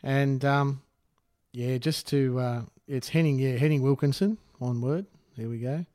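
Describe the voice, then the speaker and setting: A man's voice: mid-range voice, measured pace, mellow, dry recording, clean studio sound. A man co-hosting a podcast, easygoing and chatty, calling people mate. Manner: easygoing, says mate, laughs often. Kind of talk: casual chat.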